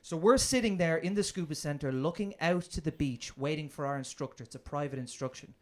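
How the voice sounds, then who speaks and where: Brash Irish comedian, high voice. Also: male voice, a little fast. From Ireland. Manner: brash, profane storytelling. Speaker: stand-up comedian. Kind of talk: stand-up comedy set. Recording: comedy club audience laughter.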